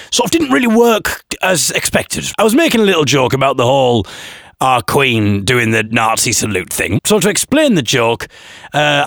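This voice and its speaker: A man's voice: medium pitch, vocal fry, a bit bright, dry recording, studio quality. A man hosting a podcast, chatting casually in a jokey, self-mocking way. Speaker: podcast host.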